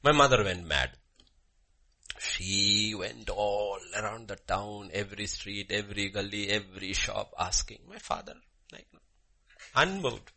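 A man preaching a sermon with a personal story, swinging from loud emphasis to hushed murmurs. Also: fairly low pitch, expressive, measured pace, creaky. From Bhutan.

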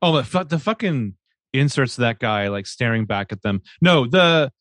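A podcast co-host with an animated, slightly bright mid-range voice chats casually at normal speed, slipping into profane, exasperated rants. The studio sound is clean with no echo.

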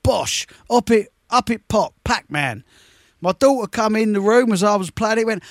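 A man in his fifties hosting a radio show, chatting through shout-outs and stories in a slangy, storytelling way. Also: sits high, expressive, moderate pace, gravelly, dry recording. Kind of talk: live radio show chat. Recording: faint music behind.

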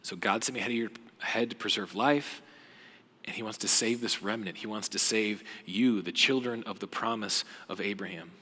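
A young adult male pastor tells a Bible story in a sermon, acting out voices and dropping to hushed asides. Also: fairly low pitch, moderate pace, slight background noise. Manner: animated retelling with voiced quotes and hushed asides. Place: church auditorium. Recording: long hall reverb.

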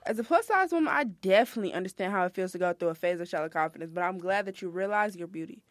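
A woman's voice: lowish voice, expressive, racing, no room sound. Teen female co-host, upbeat scripted reads, dry studio sound. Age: teens. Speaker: radio host. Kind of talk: scripted hosting.

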